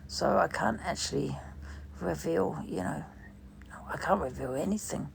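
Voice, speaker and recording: A woman chatting casually on a livestream, rambling and swearing as she goes. Her voice is deeply gravelly and fairly low, and she takes her time with each phrase. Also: measured pace, slight background noise. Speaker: livestream host. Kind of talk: casual chat.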